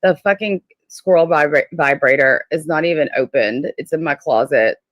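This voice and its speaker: A woman with a notably low voice hosts a casual livestream. She talks bluntly and defensively and fills her sentences with "like." Her voice sounds dry and close to the mic. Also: moderate pace, no room sound. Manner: blunt, defensive, filler-heavy. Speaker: livestream host.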